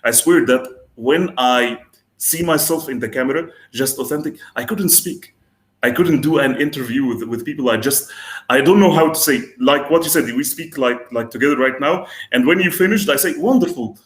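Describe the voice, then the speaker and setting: A man hosting an interview show, speaking earnestly and encouragingly, with halting phrasing. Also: on the high side. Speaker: host. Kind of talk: casual interview talk. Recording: roomy echo.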